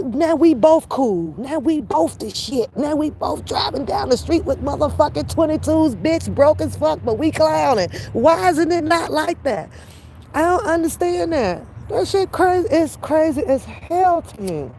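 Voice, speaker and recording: A woman's voice: high-pitched, expressive, a little slow, warm tone, slight background noise. A woman giving her blunt, profane opinions in a casual commentary rant, repeating phrases for emphasis. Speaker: reaction commentator.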